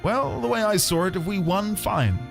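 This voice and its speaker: Brief: calm male tactician explaining his plan, measured and matter-of-fact, lively in pitch, as a man reads game lines aloud. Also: vocal fry, faint music behind. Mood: calculating. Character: shrewd calm male army strategist. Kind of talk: reading game dialogue aloud.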